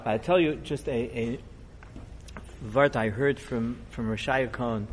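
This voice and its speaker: Conversational middle-aged rabbi telling stories. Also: male voice, mid-range voice, a little slow, a little hiss or hum. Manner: conversational, digressive, animated when telling the story. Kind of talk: storytelling sermon.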